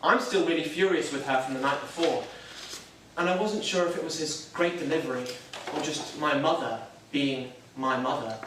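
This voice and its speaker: A man's voice: a little high, moderate pace, a bit bright, slight background noise, natural voice. A young man playing a nervous self-doubting churchgoer. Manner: hesitant, self-deprecating, wry. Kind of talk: stage drama monologue. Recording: echoey room, mic far off.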